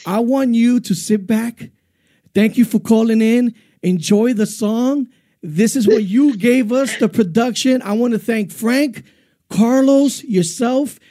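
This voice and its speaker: A man's voice: very high voice, takes it slowly, warm tone. A man hosting a music countdown show, hyped and effusive, often stumbling over his words. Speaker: radio DJ host.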